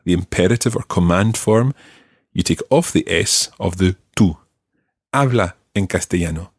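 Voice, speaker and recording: A man hosting a language-learning podcast, explaining grammar patiently and clearly. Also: deep voice, normal speed, dry recording, studio quality. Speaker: language teacher and podcast host.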